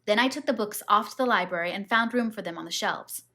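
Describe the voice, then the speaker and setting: A woman narrates a classic novel as an audiobook reader. Her reading is steady and measured, in a voice of middle pitch for a woman.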